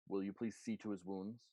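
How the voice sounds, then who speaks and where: A man plays a proud warrior leader who speaks in a firm, formal, scolding way. The voice is fairly low and the sound is dry and close. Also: warm tone, husky, dry recording, full character voice. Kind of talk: tabletop game role-play.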